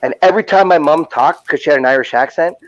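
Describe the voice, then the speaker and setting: A man who is a guest on a podcast, telling a long story in casual chat, rambling and swearing constantly in fast bursts. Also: fairly high pitch, lo-fi sound.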